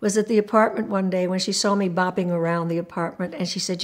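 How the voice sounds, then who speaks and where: An older woman in a documentary interview, telling stories from her career in an animated way, acting out the people she quotes and laughing often. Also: on the low side, fast talker, hardly any pauses. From Puerto Rico.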